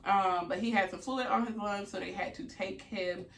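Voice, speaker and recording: Theatrical woman with a gravelly voice. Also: medium pitch, normal speed. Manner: theatrical, animated, swears freely. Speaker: vlogger. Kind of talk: casual storytelling. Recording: echoey room, distant mic.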